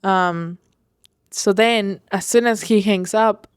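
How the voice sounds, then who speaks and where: Slow-talking woman telling a personal story. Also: mid-range voice, clear, resonant tone, dry recording, studio quality. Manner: rambling, full of fillers and self-corrections. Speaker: podcast host. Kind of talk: personal diary-style storytelling.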